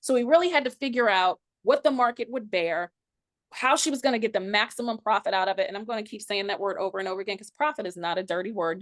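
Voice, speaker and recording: A woman's voice: on the high side, fast, no room sound. This is a woman coaching on pricing, emphatic and a little sassy as she tells her stories. She is close to the microphone with a dry, plain sound. She talks in a casual podcast chat. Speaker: pricing coach for wedding professionals.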